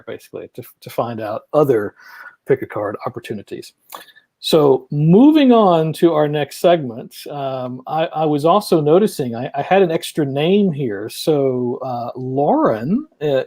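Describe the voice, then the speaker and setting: Stream co-host with a mellow, dry voice, rambling and loose. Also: mid-range voice, no room sound. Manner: rambling, many fillers and restarts. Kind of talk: live-stream hosting.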